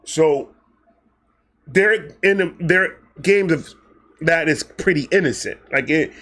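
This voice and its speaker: A man from Brooklyn tells a story. His voice sits a bit high, and he talks in a loose, profane, animated way, switching into voices for the people he quotes. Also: takes it slowly. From Brooklyn, New York. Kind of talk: casual storytelling.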